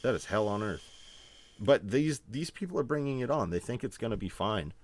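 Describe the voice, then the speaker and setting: A man's voice: fairly low pitch, lively intonation, brisk. A man from Manitoba, Canada, a guest musician telling rambling stories in casual chat, laughing often.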